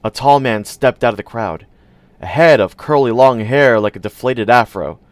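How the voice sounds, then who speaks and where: A man's voice: medium pitch, normal speed, no echo. A man narrating a first-person audiobook in a dry, wry storytelling manner.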